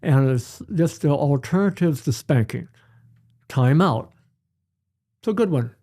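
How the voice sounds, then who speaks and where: Slow, mellow older man. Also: on the high side, expressive. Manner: unhurried storytelling, repeats key phrases. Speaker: pediatrician guest. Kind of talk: conversational interview.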